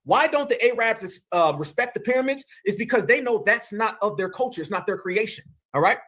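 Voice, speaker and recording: A man's voice: high-pitched, lively intonation, fairly quick, a bit bright. A man from Ohio giving emphatic, preachy live-stream commentary and calling his audience "fam" and "family". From Ohio, USA.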